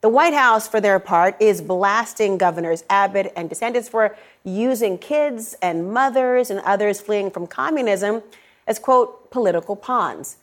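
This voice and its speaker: A middle-aged woman anchoring an evening news show, pointed and sarcastic, stretching key words for emphasis. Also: mid-range voice.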